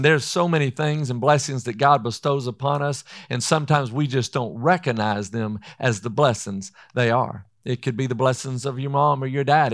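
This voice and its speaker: A man preaching a sermon in an earnest way. He slows down to read scripture and often says "listen". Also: mid-range voice.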